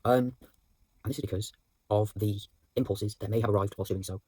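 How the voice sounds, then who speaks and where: A man's voice: lowish voice, steady tone, a little fast, warm tone, breathy edge, no room sound. A young man, a drama student, rambling through a reflective voice note on his acting practice, with many fillers and restarts. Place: indoors at home.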